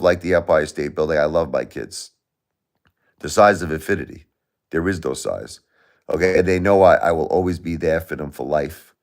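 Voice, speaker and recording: A man hosting a live stream, lecturing and scolding his chat commenters in a confrontational, repetitive way. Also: sits low. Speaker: livestream host.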